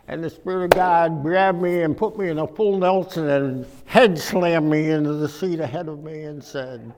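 A man preaching a humorous storytelling sermon, animated, acting out voices and swinging from quiet to loud. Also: fairly high pitch, normal speed, few pauses. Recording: echoey hall.

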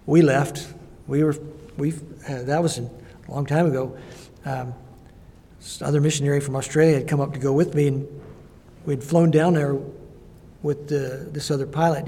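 Husky older missionary preacher in a hall. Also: male voice, a little high, dark tone. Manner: halting, reflective storytelling. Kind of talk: sermon with personal stories. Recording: long hall reverb.

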